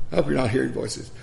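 Folksy older male preacher, gravelly. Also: fairly high pitch. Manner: folksy storytelling with scripture reading. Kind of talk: sermon.

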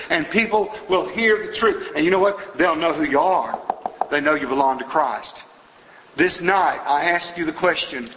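A man preaching in a church auditorium, his bright, fairly high voice pressing the congregation with question after question. It rings out in a roomy hall with a long reverb, caught from a distance. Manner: exhorting, rhetorical questions, rising to emphatic peaks. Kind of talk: sermon with invitation.

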